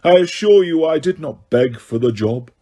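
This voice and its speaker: A man voicing a cold, sneering male potions master who speaks quietly, slowly and waspishly. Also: on the high side, animated, pitched above the performer's own voice. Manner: slow, quiet, silky and waspish.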